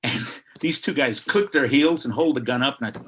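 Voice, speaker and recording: An older man from Chicago, a historian guest on a video call, telling a story in a lively way and acting out the people he quotes. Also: medium pitch, brisk, breathy edge. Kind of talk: animated storytelling.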